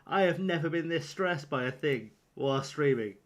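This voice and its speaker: A man talks through a football management game on a live stream. His voice sits in an ordinary middle pitch, and he rambles and fusses aloud as he sorts out his lineup. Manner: rambling, flustered, talks to himself while picking a team. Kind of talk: live-streamed gameplay commentary.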